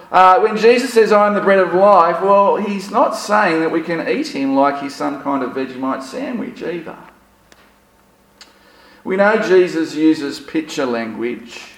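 A man preaches in a relaxed, conversational way. He mixes rhetorical questions with light humor, and his voice sits a bit high for a man. The sound rings around an echoey church hall. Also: creaky. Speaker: pastor. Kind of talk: sermon.

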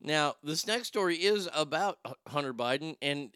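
A man's voice: on the high side, animated, moderate pace, sharp tone, clear, resonant tone, dry recording, clean studio sound. A man hosting a comedic news commentary show, rambling sarcastically and swearing freely. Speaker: show host.

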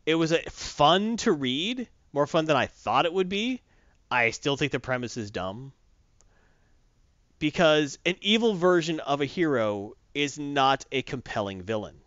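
Bright, lively, chatty man. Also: a little high, measured pace, no echo, highs cut off. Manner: chatty, rambling, lots of fillers, giggly. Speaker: comic book podcast host. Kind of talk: casual chat.

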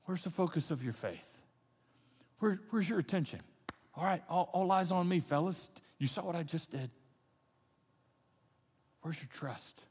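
A man voicing Jesus as a gentle, fatherly figure, soothing and reassuring frightened friends while softly challenging them. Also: a little high, lively intonation, measured pace, pauses often, husky, in a large hall, heavily acted.

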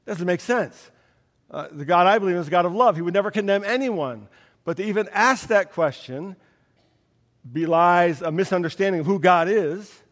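A man preaching a sermon as pastor, slow and emphatic with dramatic pauses. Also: fairly high pitch, big-room sound.

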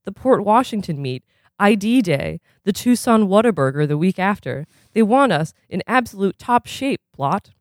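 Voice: mid-range voice, lively intonation, moderate pace, dry recording, clean studio sound, natural voice. A reader putting on a smug teenage tennis student. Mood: lecturing.

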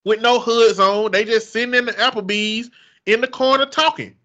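Bright, forceful man, wry joking storyteller, casual co-host. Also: very high voice, normal speed, muffled recording. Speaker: podcast co-host. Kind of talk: casual chat.

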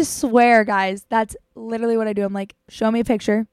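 A woman's voice: fairly high pitch, flat delivery, moderate pace, clean tone, dry recording, clean studio sound. Chatty young woman giving playful dating tips. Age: young adult. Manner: chatty, playful, acts out voices of boys and friends. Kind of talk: casual chat.

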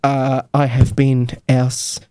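Crude, rambling podcast co-host, dry sound. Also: male voice, medium pitch, monotone, slow pace, dark tone, clear, resonant tone, no echo. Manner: crude, rambling, trips over his words. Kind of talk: casual joking banter.

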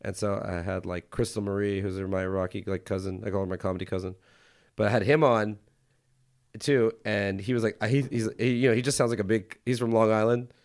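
A man on a casual comedy podcast, cracking crude rapid-fire jokes and laughing often. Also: lowish voice, steady tone, a little mellow. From United States.

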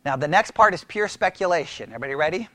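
A pastor teaching church history as a sermon-style lecture, animated, asking the room questions and often restarting his words. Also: a little high, rapid-fire, no echo. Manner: animated, asks the room questions, mimics critics.

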